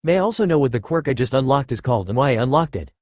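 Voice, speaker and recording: A man reading the lines of a blunt, profane young swordsman hero in a flat, quick storybook voice. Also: medium pitch, no room sound, studio quality, natural voice.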